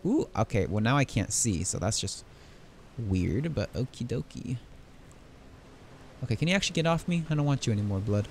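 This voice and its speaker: A man's voice: mid-range voice, expressive, moderate pace, pauses often, a little hiss or hum. A young man giving casual, playful commentary while playing a game and talking to the enemies he fights. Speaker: gaming YouTuber.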